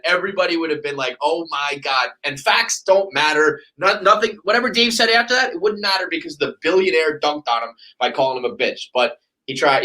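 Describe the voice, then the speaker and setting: A man hosting a casual sports podcast, ranting with heavy profanity and lively quoted asides. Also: on the high side, low-quality recording. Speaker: podcast host.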